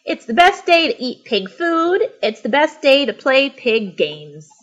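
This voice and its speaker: A woman's voice: high-pitched, a little slow, muffled recording. Woman doing Piggie, a squealing little pig. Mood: ecstatic. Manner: squealing, bouncy, breathless excitement. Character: excitable cheerful little female pig. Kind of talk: children's picture-book read-aloud.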